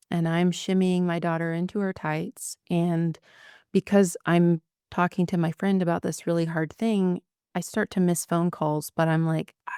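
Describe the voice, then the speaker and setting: A woman in her thirties, a podcast guest, telling a painful personal story in a soft-spoken way with many ums and likes. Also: lowish voice, creaky, clear, resonant tone, dry recording, studio quality. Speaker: podcast guest, widow of a detective.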